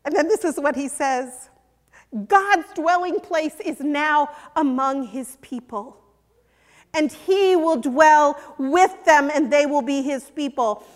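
High-voiced older woman preaching, slow. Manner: earnest and emphatic, dropping to a hush on key points. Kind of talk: sermon. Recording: long hall reverb.

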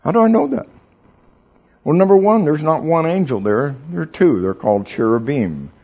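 A man preaching a sermon, swinging from hushed storytelling to loud, exclaiming emphasis, and asking the audience questions. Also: a little high, lively intonation, moderate pace, slightly rough, lo-fi sound.

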